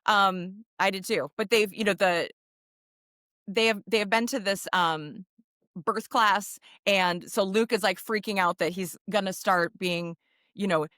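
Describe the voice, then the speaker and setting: A woman with a bright, sharp-edged voice recaps a film's plot for a podcast. She rambles easily, strewing her sentences with fillers. The sound is dry and close to the mic. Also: medium pitch, fairly even intonation, unhurried, no echo. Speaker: podcast co-host. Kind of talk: casual chat, recapping a film.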